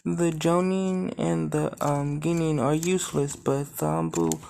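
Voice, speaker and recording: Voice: mid-range voice, fairly even intonation, unhurried, vocal fry, darkish tone, a little hiss or hum. A storyteller doing a confident female warrior. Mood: assured.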